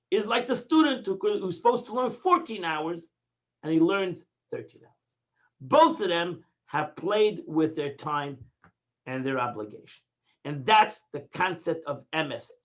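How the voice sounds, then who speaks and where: Male rabbi, high-pitched, emphatic teacher, muffled low-fidelity audio. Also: fairly bright tone. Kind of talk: daily Torah lesson. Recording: dull lo-fi audio.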